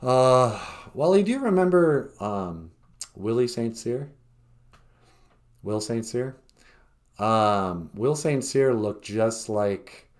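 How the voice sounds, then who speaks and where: Slow, rambling man hosting a livestream. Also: on the low side. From northern Minnesota. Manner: rambling, self-deprecating joking, full of fillers. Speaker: podcast host and cartoonist. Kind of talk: casual livestream chat.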